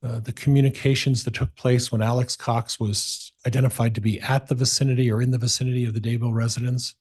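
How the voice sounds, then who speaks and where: A man's voice: mid-range voice, flat delivery, fast, darkish tone, breathy edge. A man working as a defense attorney, methodically questioning a witness in a courtroom with some hesitations.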